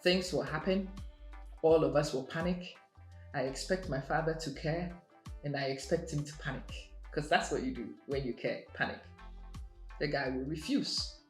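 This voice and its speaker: A woman giving a motivational monologue in a measured, emphatic way, repeating her key phrases. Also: low-pitched. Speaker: motivational speaker. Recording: roomy echo with faint music.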